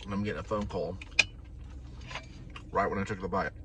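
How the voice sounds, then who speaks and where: A man's voice: low-pitched, fairly even intonation, normal speed. A man who drives food deliveries, rambling casually and talking while he chews, from a parked car. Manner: rambling, talks while chewing. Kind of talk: casual eating vlog. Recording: distant, noisy car recording.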